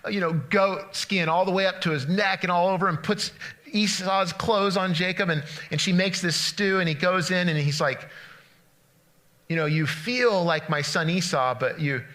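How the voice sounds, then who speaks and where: A man preaching a casual, story-driven sermon in a bright, forceful voice pitched a little high. He talks in quick bursts and often restarts his phrases as he acts out the story. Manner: animated storytelling with frequent restarts. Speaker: pastor. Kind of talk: conversational sermon, retelling a story.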